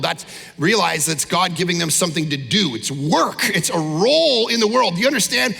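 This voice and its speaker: A middle-aged man preaching a sermon from a church stage. He is emphatic and blunt, swinging between loud exhortation and low, intense asides. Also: expressive, a little fast, creaky, breathy edge. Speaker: pastor. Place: large church auditorium. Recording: long church-hall reverb.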